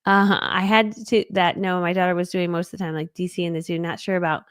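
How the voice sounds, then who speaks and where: A woman in her forties talks fast and excitably, running a casual live training full of rambling asides. Her voice is recorded close and dry, with no room sound. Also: lowish voice, clean tone, dry recording. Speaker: business coach.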